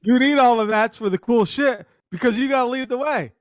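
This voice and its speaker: A man's voice: very high-pitched, a little fast, no echo, studio quality. A man co-hosting a casual gaming podcast, telling stories with a lot of swearing and mocking voices, sounding sick. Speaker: podcast co-host.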